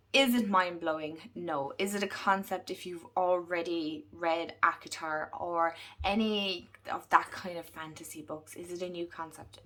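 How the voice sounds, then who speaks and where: A woman's voice: fairly low pitch, fairly bright tone. An Irish woman chatting casually to camera, rambling with fillers and restarts as she talks about books. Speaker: book and tarot vlogger.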